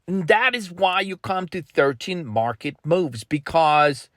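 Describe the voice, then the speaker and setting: A man's voice: on the high side, animated, measured pace, fairly bright tone, dry recording, clean studio sound. A man coaching traders in a blunt motivational rant, swearing constantly and pushing his viewers hard. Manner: blunt, heavily profane, pushy. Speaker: trading coach.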